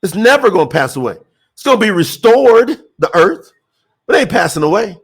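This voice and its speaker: A man preaching an impassioned sermon, repeating phrases for emphasis and reading scripture slowly. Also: sits high, very animated, gravelly, slightly rough. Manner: reads scripture slowly, word by word. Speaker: preacher promoting a scripture translation.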